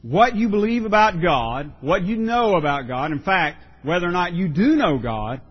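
A pastor preaching a sermon, earnest and emphatic, often repeating words for stress. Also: male voice, high-pitched, animated, moderate pace, breathy edge, lo-fi sound.

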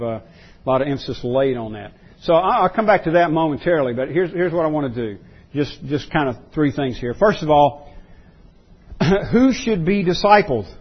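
Delivering his sermon in a slightly higher, husky voice, this male pastor hammers key words through repetition while stumbling and restarting frequently. The audio has a dull, lo-fi quality.

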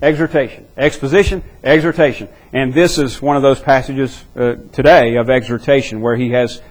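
A man's voice: medium pitch, fairly even intonation, normal speed, rough recording. A man preaching an expository sermon, earnest and emphatic, often repeating words as he works toward his point.

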